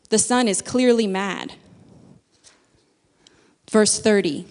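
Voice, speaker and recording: A woman's voice: mid-range voice, unhurried. A woman giving a sermon in a conversational way, explaining with everyday examples. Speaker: speaker.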